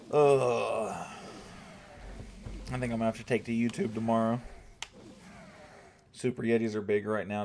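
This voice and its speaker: A young man streams a strategy game, thinking aloud to his chat in casual commentary and swearing when he gets irritated. His voice is medium-pitched with a darkish tone, and there's slight background noise.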